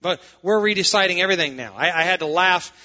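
A man's voice: high voice, expressive, quick pace, bright, forceful tone, lo-fi sound. A man preaching as a pastor, reading scripture aloud and adding sarcastic, emphatic asides. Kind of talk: sermon.

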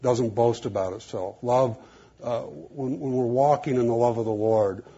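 A man's voice: mid-range voice, moderate pace, dark tone, husky, muffled recording. A middle-aged male pastor giving a conversational sermon, telling stories with frequent "you know" asides.

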